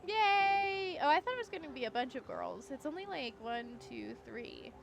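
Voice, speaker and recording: A young woman streaming a game, chatting casually and giggling while she thinks out loud. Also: on the high side, sing-song, a little fast, gravelly. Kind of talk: casual gameplay commentary.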